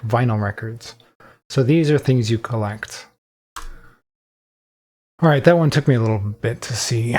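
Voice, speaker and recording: A man's voice: medium pitch, a little mellow. Man musing aloud over a word puzzle. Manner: thinking aloud, musing, self-questioning. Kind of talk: casual solo gameplay commentary.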